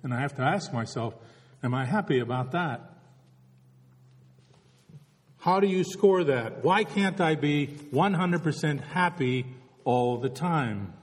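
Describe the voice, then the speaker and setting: Man preaching a reflective sermon in a hall. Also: mid-range voice. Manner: reflective, asks many rhetorical questions. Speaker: pastor.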